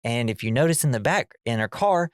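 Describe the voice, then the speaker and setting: A man's voice: medium pitch, a little fast, clear, resonant tone, dry recording, studio quality. A man co-hosting a movie podcast, recapping scenes in casual chat and acting out the characters' lines. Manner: animated, acts out character lines. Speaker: podcast co-host.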